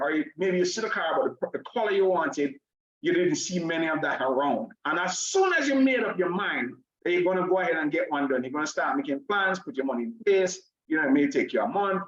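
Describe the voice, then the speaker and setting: A man hosting an online motivational class over a video call, energetic, tacking "right?" onto nearly every phrase and calling on the audience in the chat. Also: fairly high pitch. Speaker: online class host and coach. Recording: dull, echoey video call audio.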